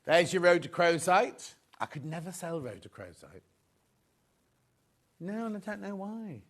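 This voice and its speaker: A man with a fairly high voice that leaps up and down as he presents fabrics on live shopping television. He chats and rambles, drifting into stories between prices. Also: lively intonation, a little slow, a bit bright. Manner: chatty, rambling, full of anecdotes.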